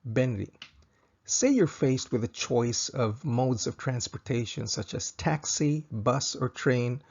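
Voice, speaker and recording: Male language tutor: husky, gravelly, patient, repeats each phrase twice, dull lo-fi recording. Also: mid-range voice, animated, a little mellow. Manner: slow, careful, repeats each example twice for practice. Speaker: Japanese language teacher.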